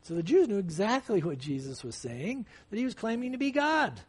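A man preaching a sermon in a slightly husky, breathy voice that sits a little higher than most men's. His delivery is conversational but fervent, breaking into sudden emphatic bursts as he explains the passage. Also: sing-song, a little fast. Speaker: pastor. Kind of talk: expository sermon.

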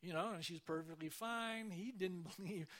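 A man speaks from a church stage, telling his stories in a casual, conversational flow. His voice sits a little high for a man. He acts out the voices he quotes with lively swings. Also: normal speed. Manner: conversational, animated storytelling with acted quotes. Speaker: church speaker giving testimony. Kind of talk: sermon testimony storytelling.

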